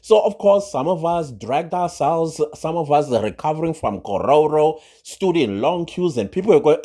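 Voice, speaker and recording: A man's voice: a little high, wildly swooping pitch, takes it slowly, a little mellow, breathy edge. A man giving opinionated gossip commentary, sarcastic and full of rhetorical questions. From South Africa. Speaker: social commentary vlogger.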